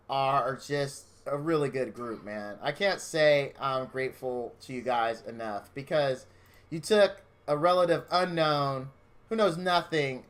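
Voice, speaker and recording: A man streaming from his home game room, chatting casually with viewers in a gushing, openly emotional, rambling way. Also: on the high side.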